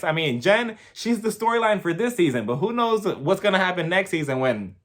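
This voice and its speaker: Gossiping through a reality TV recap, this man talks fairly quickly with hardly any pauses, cursing freely and laughing a lot. His voice sits high and fairly bright, with big swings in pitch.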